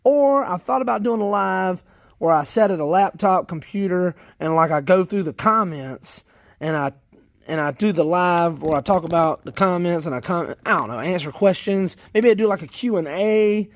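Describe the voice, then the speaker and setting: A man's voice: sits high, normal speed, no room sound, studio quality. A man with a Southern US accent, a worm farmer chatting casually and rambling as he digs through his worm bins outdoors. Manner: folksy, rambling, talks while digging in worm bins. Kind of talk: casual chat.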